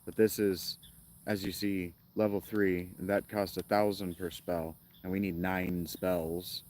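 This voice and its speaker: A man's voice: deep voice, little pitch movement, unhurried, darkish tone, slight background noise. A man streaming a game, rambling casually with jokes and sarcastic asides. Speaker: gaming streamer. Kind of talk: casual gameplay commentary.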